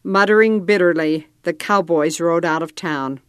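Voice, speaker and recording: A woman narrating a story in a calm, measured storytelling manner. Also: on the low side, clear, resonant tone, dry recording, clean studio sound. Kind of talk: scripted narration.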